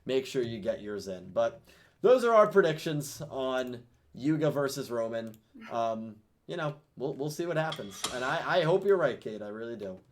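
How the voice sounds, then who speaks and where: Male podcast host, casual and rambling, average pitch. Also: big pitch swings, moderate pace. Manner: loose, rambling, lots of restarts.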